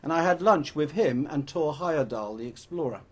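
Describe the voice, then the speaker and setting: A man's voice: fairly high pitch, lively intonation, normal speed, husky. An older man from England gives a rambling, anecdotal talk to an audience, often correcting himself as he goes. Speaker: public speaker.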